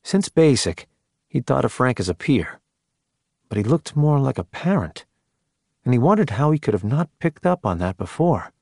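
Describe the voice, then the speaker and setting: A man reading scripted narration for an audiobook in a measured, steady way, close to a studio mic. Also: mid-range voice, gravelly, no echo.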